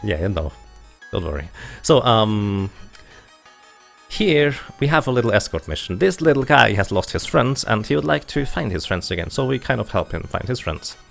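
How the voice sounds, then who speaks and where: A man giving steady, explanatory live commentary on his own speedrun. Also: on the low side, normal speed, creaky, faint music behind. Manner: steady explanatory, light laughs.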